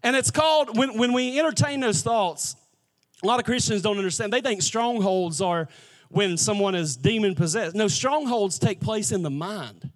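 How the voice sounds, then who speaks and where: A pastor delivering a sermon in a very high voice for a man. He talks conversationally but presses his points with emphasis. He keeps drawing the congregation in with questions. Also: normal speed.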